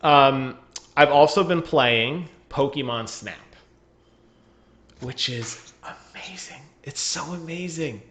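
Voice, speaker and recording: A man's voice: medium pitch, takes it slowly, fairly bright tone, a little hiss or hum. A man chatting casually on a gaming podcast over a remote call, joking and laughing often. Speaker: podcast co-host.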